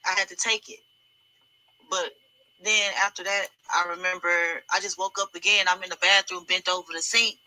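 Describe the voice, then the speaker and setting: A woman speaking in a sharp, very bright tone, recounting painful memories in halting, broken phrases. She often stops and restarts mid-sentence, and the distress runs through everything she says. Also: fairly low pitch, flat delivery, poor audio. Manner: halting, hesitant, many restarts. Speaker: alleged victim giving testimony. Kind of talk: emotional first-person account.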